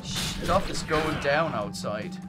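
Male game streamer with an Irish-tinged accent, high-pitched, excitable, prone to chanting. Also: slow, loud music behind the voice. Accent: Irish-tinged English. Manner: excitable, bursts into loud cheers and chants. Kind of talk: gaming livestream chat.

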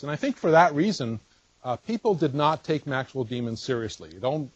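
Guy giving a physics talk, bit husky, dry close mic, kinda dull lo-fi sound. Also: mid-range voice, dry recording. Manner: explanatory, thinks aloud with fillers and restarts. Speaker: physics lecturer. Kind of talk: university colloquium lecture.

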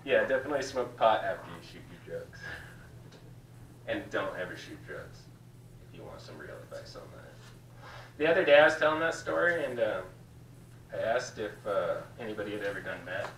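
A man's voice: on the low side, animated, normal speed, long pauses, a bit bright. Roomy, distant male stand-up comic. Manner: loose, confessional storytelling with swearing. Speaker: stand-up comedian. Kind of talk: stand-up set. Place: small cafe comedy room. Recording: roomy, distant with faint room noise.

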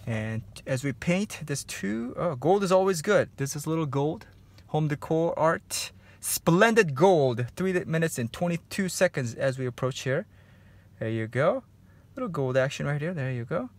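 A man's voice: on the high side, animated, moderate pace. A man teaching a home painting lesson step by step, easygoing and chatty, with many fillers and repeated encouragement. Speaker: painting instructor. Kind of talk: relaxed step-by-step tutorial. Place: home studio.

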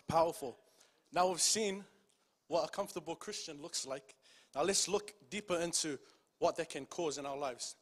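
A man with a high-pitched voice preaches a sermon. He reads scripture aloud, slows down on the key lines, and keeps calling out to the congregation with "amen" and "church.".

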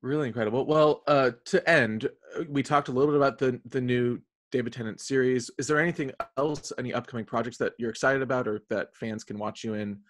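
A male podcast host with a mid-pitched voice, keen and upbeat as he asks his guest questions. His remarks lean toward short, eager encouragement. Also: fairly even intonation, fast talker, few pauses. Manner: enthusiastic, brief backchannels. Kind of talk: casual interview.

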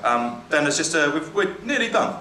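A man on stage doing stand-up and reading jokes aloud in a dry, halting way that keeps stumbling and correcting itself. His voice carries through an echoey room, with a loud crowd laughing behind him. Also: on the high side, sing-song. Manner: wry, halting, with frequent fillers and self-corrections. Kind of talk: live stand-up comedy. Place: comedy venue with a live audience. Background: audience laughter and cheering.

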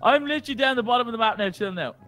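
A man co-hosting a gaming video, joking, laughing and reacting loudly as he plays. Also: very high voice, racing, soft background music. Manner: jokey, animated, shouts and laughs a lot. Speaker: co-host gaming partner. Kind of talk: casual gameplay chat.

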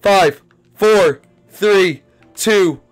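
A young man commentating a game. He repeats his phrases again and again, and swings from hushed muttering to panicked shrieks. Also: sits high, drawn-out words, soft background music. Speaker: gameplay commentator.

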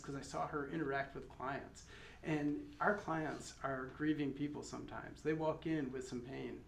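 In an echoey chapel with faint background noise, a Michigan pastor delivers a memorial sermon and prayer. His voice is fairly high and creaky, and he speaks earnestly and conversationally, dropping in friendly asides.

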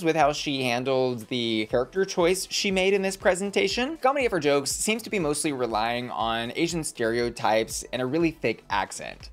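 A man hosting a casual commentary vlog, reviewing an episode in an animated, opinionated and campy way. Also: medium pitch. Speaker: host reviewing a reality competition episode.

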